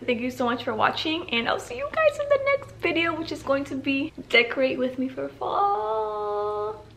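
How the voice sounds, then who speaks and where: A woman vlogger chatting casually and excitedly to her viewers. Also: high-pitched, normal speed, creaky, slight background noise. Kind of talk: casual vlog chat to camera.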